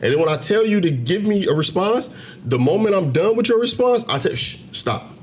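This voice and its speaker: A man talking straight to the camera in a commentary video, emphatic and preachy, climbing to loud, heated peaks as he argues. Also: high voice, expressive, a little fast, slight background noise. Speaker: commentary channel host. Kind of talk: direct-to-camera commentary rant. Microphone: camera mic, facing camera.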